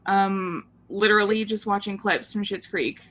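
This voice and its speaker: A woman's voice: medium pitch, steady tone, normal speed, a bit bright. A woman co-hosting a podcast in casual chat, laughing hard and swearing freely as she retells favorite scenes. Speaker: podcast co-host.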